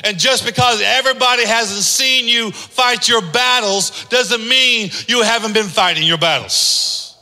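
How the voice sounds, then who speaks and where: Preacher guy, high bright voice, hammering lines over and over, big hall echo. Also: a little slow. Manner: emphatic, repetitive preaching. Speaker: pastor. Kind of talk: sermon. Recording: echoey hall.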